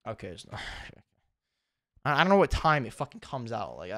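A man's voice: medium pitch, very animated, normal speed, pauses often, no room sound. A tired young man rambles through an unedited home vlog, swearing freely and putting himself down. His voice sits in an average range, and the recording is dry and close with almost no room sound. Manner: rambling, heavy cussing, self-deprecating. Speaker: YouTuber. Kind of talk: casual unedited vlog chat.

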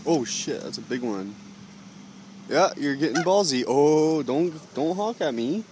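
Man in a car, high lilting voice swooping up and down, coaxing and cursing, faint outdoor noise. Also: expressive, a little slow, a little mellow. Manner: coaxing, sweary, sing-song baby talk to birds. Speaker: man feeding ravens from a car. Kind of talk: casual coaxing chatter.

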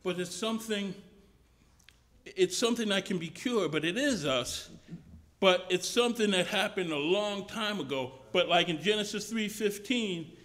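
High-voiced preacher, conversational. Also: male voice, expressive, normal speed, a bit bright. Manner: conversational, repeats and restarts phrases. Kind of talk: sermon. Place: mission chapel service.

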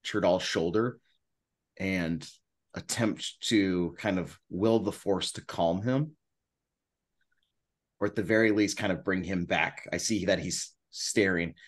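A man playing a tabletop role-playing game, speaking hesitantly with many pauses. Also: sits low. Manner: hesitant, lots of fillers and restarts. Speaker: player. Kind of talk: casual play with in-character speech.

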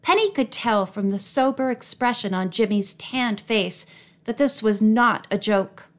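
A woman reading a children's mystery novel aloud in a clear, even storytelling manner. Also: medium pitch, a little slow. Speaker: audiobook narrator. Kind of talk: audiobook narration.

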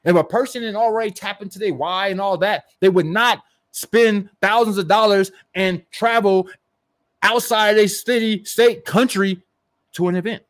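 Man, high voice, marketing coach, animated rant, emphatic, rhetorical questions. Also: normal speed. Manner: animated and emphatic, mocking hype with put-on voices; repetitive and rhetorical, asks questions of the listener. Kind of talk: motivational rant to camera.

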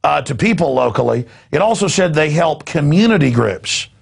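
Gravelly, sarcastic talk-show host man. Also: on the high side, expressive, moderate pace. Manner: sarcastic, rambling, laughing asides. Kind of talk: news commentary rant.

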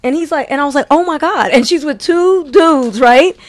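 A woman co-hosting a casual talk show, telling an animated story and acting out the people in it. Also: high-pitched, normal speed, no room sound. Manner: animated, acts out quotes. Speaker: co-host.

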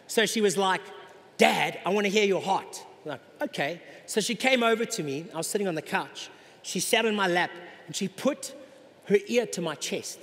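A middle-aged male pastor preaching a sermon in an animated way, acting out the voices of people in the congregation. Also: high voice. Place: large church hall. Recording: long hall reverb.

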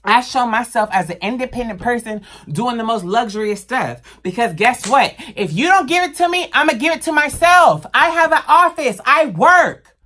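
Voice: medium pitch, lively intonation, moderate pace, pushed and bright. A vlogger ranting to camera in a heated, emphatic and profane way, blunt and full of slang. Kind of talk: impassioned rant to camera.

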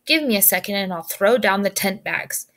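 A woman's voice: medium pitch, lively intonation, normal speed, a bit bright, natural voice. A woman voicing a patient adult father in a children's storybook, level and reasonable in tone. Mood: calm. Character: patient adult male father, calm but stern.

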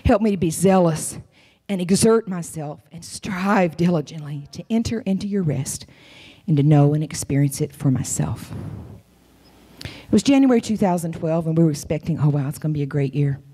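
A woman preaching a sermon in a church. She tells her story dramatically, dropping to whispers and jumping to high cries. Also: moderate pace, warm tone, husky. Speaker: guest preacher.

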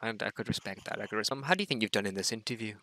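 Bright-voiced teasing man. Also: lowish voice, no room sound. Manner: teasing, quick to crack up. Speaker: co-host interviewing a friend's dating matches. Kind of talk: casual banter on a video call.

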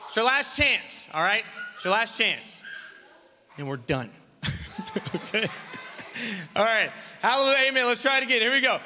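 A man leading a lively children's revival service, joking and teasing the kids while he gives them actions and call-and-response lines. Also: extremely high pitch, moderate pace, long pauses. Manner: playful, teasing, loud leader of a crowd of kids. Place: large church sanctuary. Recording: reverberant church hall, faint room noise.

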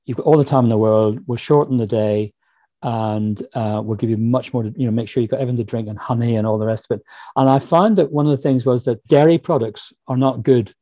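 A Northern Irish man talks as a guest on a podcast interview. He tells stories at a quick, animated clip and slips into other people's voices when he quotes them. His tone is dark and mellow, and the recording is dry and close, with no room around it. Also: mid-range voice, no echo. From Northern Ireland. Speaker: guest author. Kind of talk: casual interview chat.

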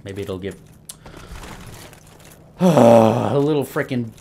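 A man's voice: medium pitch, expressive, takes it slowly, creaky, mellow, a little hiss or hum. A young man giving casual commentary while playing a game, rambling, joking and swearing at enemies. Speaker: gameplay commentator. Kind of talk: casual let's-play commentary.

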